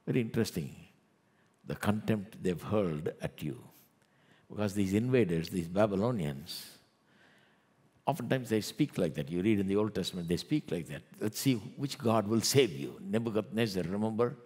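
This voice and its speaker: A low, husky-voiced pastor with an Indian English accent delivers a lively sermon. His words ring out with a long echo in a church hall. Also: normal speed. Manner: animated preaching, acts out scoffers.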